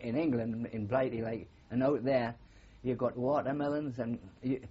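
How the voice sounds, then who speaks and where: Old geordie guy rambling thru war stories, husky voice, dull lo-fi tape. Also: medium pitch, fairly even intonation, moderate pace. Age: older. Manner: rambling anecdotal storytelling with frequent fillers. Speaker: war veteran interviewee. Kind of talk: oral history interview.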